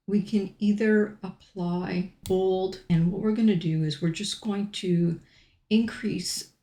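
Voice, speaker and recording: A middle-aged woman hosting a software tutorial, talking through each step in an unhurried way with frequent ums. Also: fairly low pitch, reverberant, slight background noise. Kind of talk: screen-recorded software tutorial.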